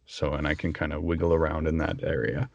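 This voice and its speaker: Low-voiced guy chatting about voice work, bouncy delivery, dry close sound. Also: a little fast, vocal fry, dry recording, muffled recording. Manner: animated, breaks into voice impressions and laughs. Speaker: voice actor guest. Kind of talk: casual interview chat.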